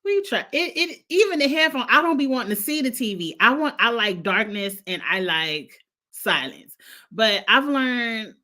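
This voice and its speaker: A woman reviewing a reality show in a chatty, animated way, often laughing as she talks. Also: medium pitch. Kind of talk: casual chat.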